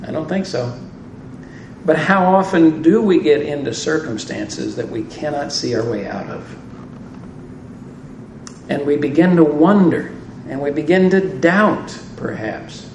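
Man, sermon, dry humor, slow, echoey room, faint ambience. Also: a little high, lively intonation, a little mellow, a little hiss or hum. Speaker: preacher. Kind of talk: sermon on scripture. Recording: roomy echo, distant mic, faint ambience.

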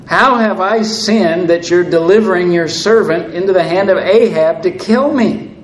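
A man's voice: sits high, normal speed, reverberant, voice pushed up, lightly acted, rough recording. A man reading the part of a frightened male royal steward who pleads urgently, his voice raised and emphatic. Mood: pleading.

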